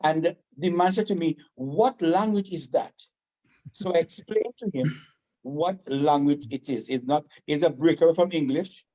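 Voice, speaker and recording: A man with a Vincentian accent, from Saint Vincent, chatting casually as a guest, animated, proud and fast-talking. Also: fairly high pitch, lo-fi sound. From Saint Vincent and the Grenadines. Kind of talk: casual chat.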